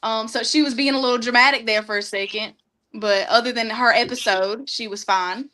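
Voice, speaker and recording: A young woman guest in a studio, telling funny stories in a lively, laughing way. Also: a little high, fairly quick. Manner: laughing, animated storyteller. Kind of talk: casual storytelling.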